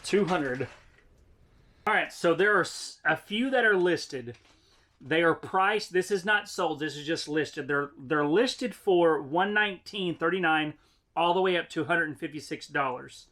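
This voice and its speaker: A man's voice: a little high, measured pace, pushed and bright. A man vlogging as he unboxes items, chatting casually and thinking aloud about prices and profit. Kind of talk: casual chat.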